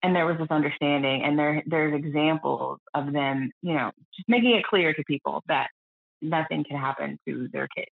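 A woman's voice: moderate pace, creaky, no room sound. Earnest woman on a tinny, dry line. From United States. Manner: earnest, reflective, quotes others in lowered voices. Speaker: guest. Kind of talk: candid podcast conversation. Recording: dry, phone-like lo-fi audio.

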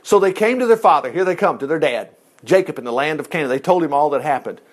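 A man reading a Bible story aloud and breaking in with folksy, animated commentary to his listeners. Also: on the high side, fast talker. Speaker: Bible teacher.

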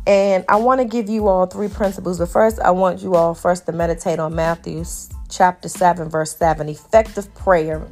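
A woman in her thirties telling a personal story in a lively, preacher-like devotional talk to her viewers. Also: lowish voice, normal speed, faint music behind. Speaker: faith vlogger.

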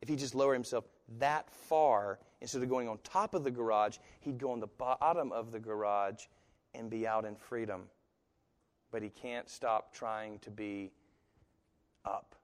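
A man preaches a sermon from the pulpit. His voice sits at an ordinary middle pitch, and he swings between quiet, drawn-out lines and loud, driving ones. The sound carries a long reverb from a large church sanctuary. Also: steady tone. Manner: dramatic swings from hushed to loud, slow emphatic phrasing. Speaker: pastor.

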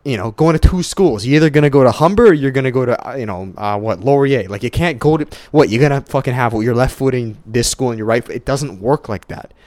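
A young man talks straight into a close microphone, recorded dry with no room sound. His speaking voice sits in a middle pitch, loose and profane, full of restarts and sudden jumps upward when he gets fired up. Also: no echo. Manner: casual, heavy swearing, repeats and restarts, animated swings in pitch. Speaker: podcast host. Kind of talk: solo motivational podcast monologue.

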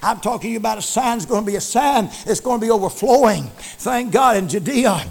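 A man's voice: high voice, lively intonation, fast, gravelly. A male preacher delivering a fervent sermon in a church, breaking into frequent praise interjections.

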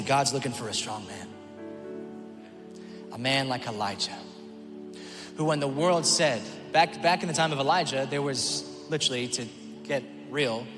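A man preaching a sermon, his voice a little higher than most, rising from hushed storytelling into shouted calls. The sound rings with long reverb in a large church hall. Music plays clearly underneath. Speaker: pastor.

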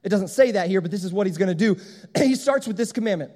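A man's voice: high-pitched, expressive, fast, warm tone. A man preaching a sermon as pastor, emphatic and repeating his key phrases. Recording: long hall reverb.

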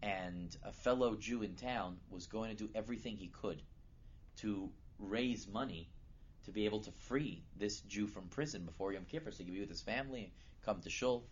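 A man giving a sermon as a lively storyteller who builds to loud, emphatic peaks. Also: on the low side, moderate pace. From United States. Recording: dull lo-fi recording with faint noise.

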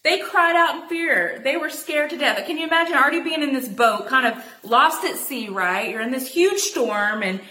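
Woman teaching scripture casually, animated, says y'all a lot, bit of room echo. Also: sits high, moderate pace, hardly any pauses. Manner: chatty and animated, addresses listeners as y'all. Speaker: Bible teacher.

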